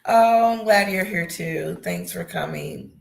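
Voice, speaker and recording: A woman with a low, gravelly voice hosts a live chat stream, taking her time over each word. She reads viewer comments aloud and answers them, greeting regulars by name. The sound is roomy and echoey. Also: a little slow. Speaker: livestream host reading chat. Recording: echoey room.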